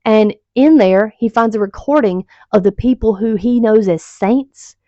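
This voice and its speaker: A woman reviews books on her casual vlog, rambling in exasperation and cursing without restraint. She speaks a little slowly, with a medium-pitched, dark voice. The sound has no echo but is dull and lo-fi, captured on a home video mic.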